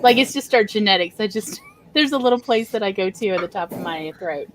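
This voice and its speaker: A woman chatting casually on a livestream over a remote call, playful and quick to laugh, with lots of "like". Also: medium pitch, expressive, slight background noise, poor audio. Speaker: co-streamer.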